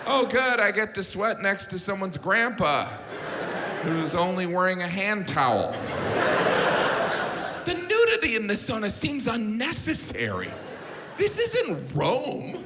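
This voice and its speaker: A middle-aged man doing stand-up comedy on stage, with a deadpan delivery and mock-incredulous asides. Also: sits high, unhurried, long pauses. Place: large theater stage with a laughing audience. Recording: live hall reverb, loud audience noise.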